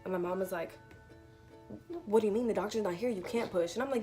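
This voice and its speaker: A woman's voice: medium pitch, fast talker, long pauses, soft background music. Chatty young woman telling a storytime. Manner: chatty, animated retelling with lots of "like". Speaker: vlogger. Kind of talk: casual storytime.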